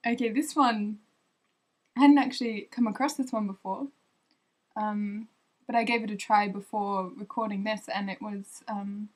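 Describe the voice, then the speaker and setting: A woman's voice: mid-range voice, low-quality recording. Good-humoured woman chatting to camera. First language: English. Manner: good-humoured and self-deprecating, pausing on fillers. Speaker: vlogger. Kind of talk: casual talk to camera trying tongue twisters.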